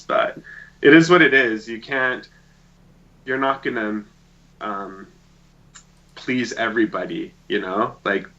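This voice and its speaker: Bright-voiced man telling a story, dull lo-fi. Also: lowish voice. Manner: animated, swings loud and quiet while retelling. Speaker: podcast co-host. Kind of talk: casual chat, storytelling. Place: home room with shelves.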